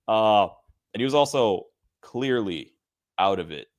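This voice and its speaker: A man's voice: lowish voice, lively intonation, unhurried, no room sound. A man co-hosting a podcast, chatting casually and telling rambling anecdotes. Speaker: podcast co-host. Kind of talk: casual chat.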